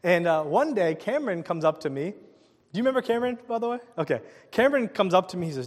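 A male pastor preaching a sermon, telling a personal story in an animated way and acting out the people in it. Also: high voice, fast talker, long reverb tail. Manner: animated storytelling with laughs and quoted voices.

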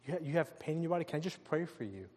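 A male pastor preaching a sermon, telling a personal story in an animated way and acting out the people in it. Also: a little high, rapid-fire, big-room sound. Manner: animated storytelling with laughs and quoted voices.

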